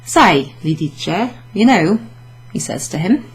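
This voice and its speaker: Woman, language teacher, lowish voice, chatty, laughs between points. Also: sing-song, husky, poor audio. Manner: chatty, laughs often, slow careful Italian examples. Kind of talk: casual classroom explanation.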